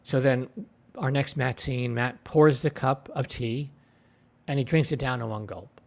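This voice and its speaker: A man reviews a TV episode casually into his own desk microphone, retelling scenes in a rambling way full of fillers. His mid-range voice is steady, a little slow and a little mellow.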